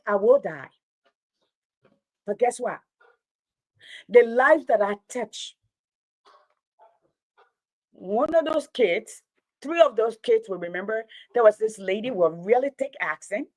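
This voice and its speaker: A woman's voice: fairly high pitch, lively intonation, measured pace, long pauses, no room sound, rough recording. A woman, a teacher talking straight to her online audience in an impassioned, preachy monologue, repeating her points for emphasis.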